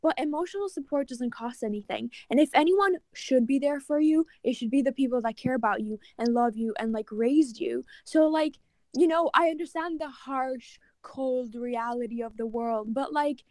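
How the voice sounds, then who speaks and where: A woman's voice: sits high, normal speed, darkish tone, dry recording. A woman in her twenties, co-hosting a podcast in casual chat, talking emphatically and with empathy. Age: 20s. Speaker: podcast co-host.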